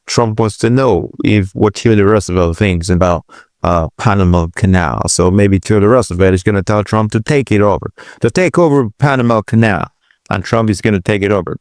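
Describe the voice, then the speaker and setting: A man hosting a political commentary show, reacting to clips with stumbling restarts and bursts of disbelief. His voice is low. The recording is dry and close. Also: a little fast, a little mellow, dry recording. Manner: hesitant restarts, incredulous exclamations.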